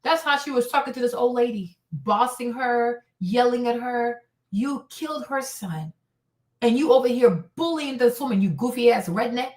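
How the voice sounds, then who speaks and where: Fiery high-voiced woman host ranting profanely in an echoey room. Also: moderate pace, darkish tone. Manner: heated, blunt and profane, repeating lines for emphasis. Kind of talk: casual commentary.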